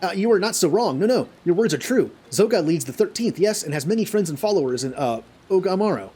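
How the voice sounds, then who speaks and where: A man voicing a cowering, whining male kobold, reading the lines haltingly with stumbles and husky tone. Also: high voice, animated, warm tone, voice pushed up. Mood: fearful.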